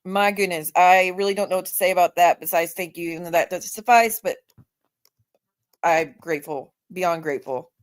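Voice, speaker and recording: A woman's voice: on the low side, moderate pace. A woman hosting a live stream in casual chat, blunt and emphatic, swearing freely. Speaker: livestream host.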